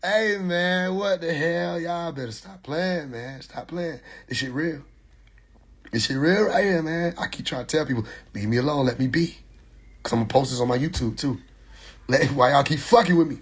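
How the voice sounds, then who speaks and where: Husky guy in his 20s ranting on a phone live, kinda high voice, cussing, laughing at folks, yelling now and then. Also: moderate pace. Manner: profane, mocking, bursts into laughter and shouts. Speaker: livestreamer. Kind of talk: casual livestream rant.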